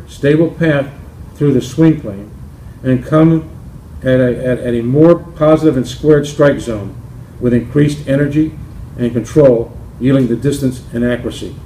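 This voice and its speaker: A man presenting his golf shaft company and telling a joke, halting with restarts. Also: medium pitch, dark tone, a little hiss or hum. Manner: halting, with many restarts and fillers. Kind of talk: company promo talk with a joke. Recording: roomy with faint ambience.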